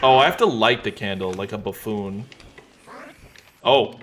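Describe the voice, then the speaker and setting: A man streaming a game, talking in a relaxed, wry, joking way as he plays. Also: fairly low pitch, unhurried, slight background noise. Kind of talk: casual gameplay commentary.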